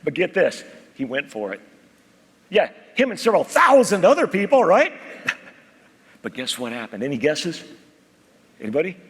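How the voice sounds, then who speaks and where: A man giving a motivational keynote, telling stories, calling out to the crowd and dropping to a hush for serious points. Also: on the high side, wildly swooping pitch, normal speed, long pauses, slightly rough, big-room sound. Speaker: keynote speaker. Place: large conference hall.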